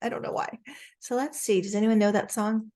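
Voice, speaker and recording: An earnest woman talks through a spiritual lesson over a video call, at an ordinary middle pitch. She sounds heartfelt and easily moved, laughing often and stopping to look things up as she goes. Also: fairly even intonation, brisk, dark tone. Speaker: spiritual astrology teacher.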